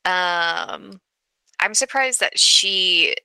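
A woman's voice: fairly low pitch, gravelly, pushed and bright, smooth, no echo, low-quality recording. A woman co-hosting a podcast, discussing a horror movie in a thoughtful, hesitant way. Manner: thoughtful, hesitant, drawn-out phrasing. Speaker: podcast co-host.

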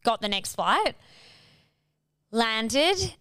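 A woman's voice: on the high side, very animated, very slow, sharp tone, smooth, no echo, clean studio sound. A woman co-hosting a podcast, telling a story in casual chat, swearing freely and acting out quotes. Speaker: podcast co-host.

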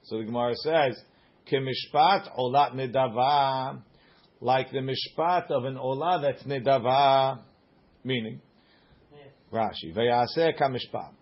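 A man's voice: mid-range voice, a little slow, muffled recording. A man teaching a Talmud class, reading the Aramaic in a sing-song study chant and explaining it in English.

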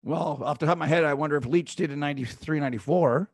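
A man's voice: fairly high pitch, fast. A man co-hosting a podcast, answering with laughing, self-deprecating banter. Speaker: podcast co-host, former player. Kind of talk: casual chat.

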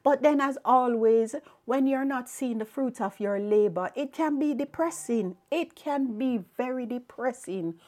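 Woman podcast host, earnest testimony, higher voice, slow unhurried delivery. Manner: earnest, reflective storytelling with soft laughs. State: tearful, emotional. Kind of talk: personal faith testimony.

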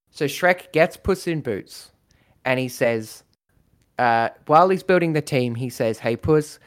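A man in casual chat, rambling through a story idea with lots of fillers and quick acted-out lines. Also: medium pitch, fairly bright tone, smooth.

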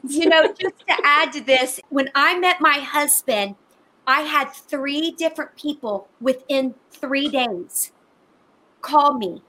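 A woman's voice: high voice, slow, sharp tone, low-quality recording. A woman co-hosting a faith podcast, adding a personal story to the conversation in a casual way. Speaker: podcast co-host. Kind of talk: casual chat.

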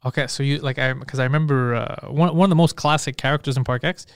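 A man's voice: medium pitch, quick pace, smooth, no echo, studio quality. A man hosting a casual podcast, telling stories in a rambling, profane way. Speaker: podcast host.

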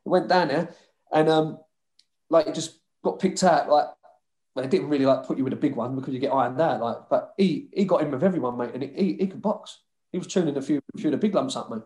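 A man with a London accent tells old football stories at full tilt. His voice sits a touch high, and he swears and laughs his way through the tales. The room around him is roomy and echoey. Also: fast talker. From London (Hackney). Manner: animated storyteller, swears freely, laughs often. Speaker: former footballer guest. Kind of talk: casual podcast chat.

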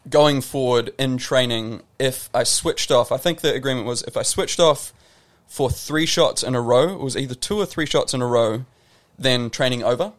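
A man with a New Zealand accent speaks as a podcast guest, his voice sitting at an ordinary mid pitch. He talks in a reflective, rambling way, circling back with fillers and restarts as he works through a story. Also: normal speed, few pauses. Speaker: guest, professional tennis player. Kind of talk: casual podcast interview.

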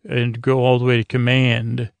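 A man's voice: mid-range voice, completely flat delivery, moderate pace, vocal fry, clear, resonant tone, no echo, close to an everyday voice. A man voicing an uneasy middle-aged starship officer who speaks earnestly and pleadingly.

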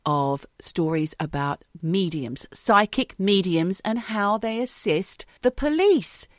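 A woman's voice: mid-range voice, lively intonation, takes it slowly, no echo. A woman co-hosting a podcast, chatting casually, telling stories and teasing her co-host dryly. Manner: chatty storyteller, dry teasing. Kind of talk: casual chat.

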